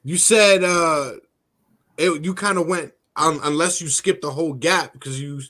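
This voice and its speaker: A bright-toned, rather high male co-host keeps the chat loose. His questions are blunt and joking, and his delivery is quick and direct. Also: steady tone. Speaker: podcast co-host. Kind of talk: casual chat.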